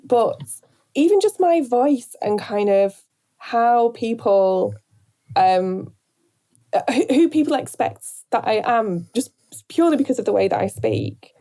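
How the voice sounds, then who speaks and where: A woman from Northern England with a softened Northern accent, talking reflectively in an interview, searching for words with many pauses and restarts. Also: a little high, lively intonation. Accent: Northern English, softened. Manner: thoughtful, hesitant, many fillers and restarts. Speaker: radio presenter, guest.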